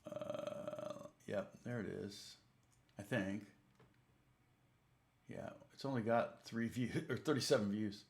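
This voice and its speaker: Rambling guitar teacher, roomy sound. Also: male voice, fairly low pitch, takes it slowly, vocal fry, long pauses. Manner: rambling, animated, acts out both sides of a story. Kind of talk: casual storytelling on a livestream.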